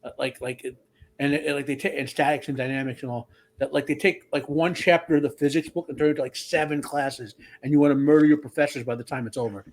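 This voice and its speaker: A man's voice: on the high side, fairly even intonation, quick pace. A man with an engineering degree, talking casually on a panel and explaining things with many restarts. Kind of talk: casual chat.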